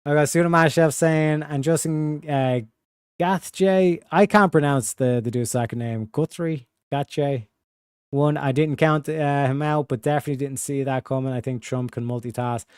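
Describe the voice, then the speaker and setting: A man's voice: on the high side, fairly even intonation, normal speed, few pauses, clean tone, no room sound, clean studio sound. Slangy male streamer. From Ireland. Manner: rambling, slangy, reads donations aloud. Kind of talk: casual live-stream commentary.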